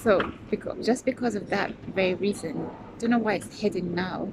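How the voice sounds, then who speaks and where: Speaking in a mid-range voice at an easy, moderate speed, this middle-aged woman from the UK vlogs her travels straight to her phone. She rambles, laughs, and mutters to herself. The audio is noisy, captured outside amid traffic.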